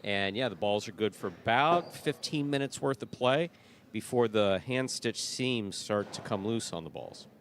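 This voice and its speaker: A man's voice: fairly low pitch, lively intonation, normal speed, a little hiss or hum. A middle-aged man announcing jai alai, chatty and explanatory, often correcting himself mid-sentence. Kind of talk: broadcast commentary and chat.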